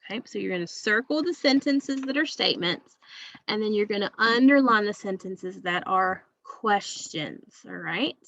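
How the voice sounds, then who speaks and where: A woman's voice: mid-range voice, lively intonation, moderate pace, gravelly, fairly bright tone, dull audio. A woman teacher giving a recorded class lesson to young students, patient and repetitive, checking understanding with frequent okays.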